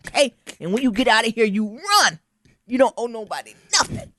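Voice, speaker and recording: Animated joking woman podcast host. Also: fairly high pitch, brisk. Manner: joking, animated, acts out quotes with slang. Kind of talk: casual chat.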